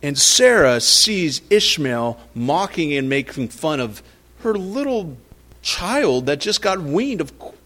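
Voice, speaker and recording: A man's voice: big pitch swings, slow pace, bright, forceful tone. A man preaching a conversational sermon, reading scripture aloud and acting out the people in the story. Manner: conversational preaching, acts out quotes, rises in pitch when emphatic. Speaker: pastor.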